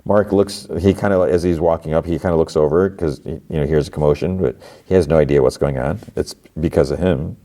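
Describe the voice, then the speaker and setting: A man's voice: a bass voice, fairly quick, few pauses, warm tone. A man hosting a podcast, casually retelling TV episodes in a rambling way, full of fillers. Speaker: podcast host.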